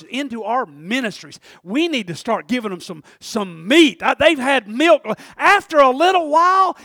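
High-voiced folksy preacher, dry sound. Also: male voice, no echo. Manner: folksy, animated preaching with big swings from hushed to shouting. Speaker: pastor. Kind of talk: sermon.

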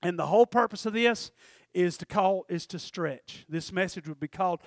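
A man's voice: high voice, a little fast, no echo, studio quality. A man preaching a folksy, conversational sermon, often checking in with the congregation.

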